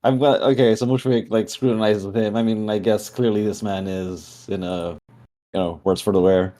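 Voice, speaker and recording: A man's voice: on the low side, steady tone, normal speed, mellow. A man player in a tabletop game, talking casually with hesitant fillers.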